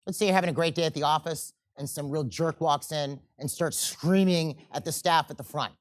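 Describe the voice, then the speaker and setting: A man teaching a seminar, animated and often checking in with the audience, and acting out quoted people in changing voices. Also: a little high, fairly quick. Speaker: seminar instructor. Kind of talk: live seminar lecture.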